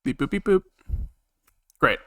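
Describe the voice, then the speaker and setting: A programming streamer with an unhurried, pushed, bright voice codes live, thinking aloud in a casual ramble. He uses lots of fillers and lets slip the odd swear.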